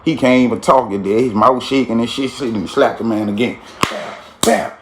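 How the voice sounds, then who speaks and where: A man's voice: mid-range voice, fast, noisy background. A man telling a street story in a casual, slangy way, with frequent "you feel me" tags.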